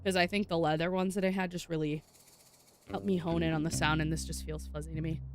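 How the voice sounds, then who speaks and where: A woman's voice: low-pitched, fairly even intonation, fast talker, slight background noise. A woman voice actor chatting casually while playing a game, bubbly and cooing over cute characters. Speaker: voice actor streaming gameplay. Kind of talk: casual gameplay commentary.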